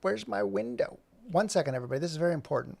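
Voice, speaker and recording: Gravelly man rambling on a live stream. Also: on the high side, animated, very fast, no room sound. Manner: rambling, thinking aloud while fumbling with software; jokey and self-mocking. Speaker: animator streaming his work. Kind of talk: casual live-stream chat.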